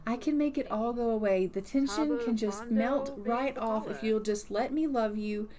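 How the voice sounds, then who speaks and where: A clingy, adoring female vampire who purrs endearments and coaxes sweetly. Her voice sits a little high and stays soft and honeyed, as a woman puts her on for a game playthrough. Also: normal speed, a crowd in the background, lightly acted. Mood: coaxing. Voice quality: sweet, coaxing, calls everyone honey.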